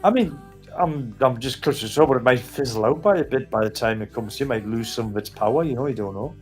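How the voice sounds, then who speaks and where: A man's voice: mid-range voice, fairly quick, faint music behind. A man from northeast England with a Newcastle accent, co-hosting a casual live stream, chatty and laughing often. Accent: Newcastle Geordie. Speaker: co-host.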